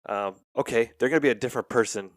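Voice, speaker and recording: A man, a film editor and director, telling stories in a relaxed interview with frequent ums. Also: medium pitch, fast talker, no room sound, studio quality. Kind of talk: casual interview talk.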